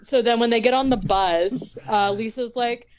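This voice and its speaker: A woman's voice: a little high, normal speed, dull audio, a little hiss or hum. A woman co-hosting a podcast, casually recapping an episode and padding her sentences with "like" and "um". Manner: chatty, leans heavily on "like" and "um". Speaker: podcast co-host.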